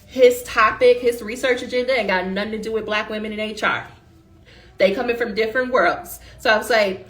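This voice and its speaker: A woman's voice: on the high side, normal speed, a bit bright, soft background music. Slangy, emphatic woman dissertation coach. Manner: colloquial, emphatic, addresses listeners as y'all. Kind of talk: casual motivational pitch.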